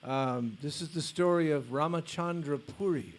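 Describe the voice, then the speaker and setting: A male spiritual teacher giving a lecture, reading a story aloud in a deliberate way with blunt casual asides. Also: on the high side.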